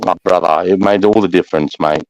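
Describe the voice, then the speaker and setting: A middle-aged Australian man, a former soldier, telling war stories in casual, rough-spoken chat, swearing freely and trailing off into fillers. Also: low-pitched, fairly even intonation, a little fast, dry recording, poor audio. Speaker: army veteran guest.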